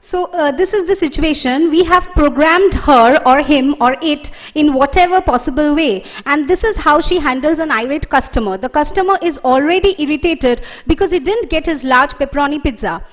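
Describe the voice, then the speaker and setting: A woman's voice: high voice, moderate pace, hardly any pauses. A woman giving a conference presentation as a lecturer, explaining with fillers and self-corrections.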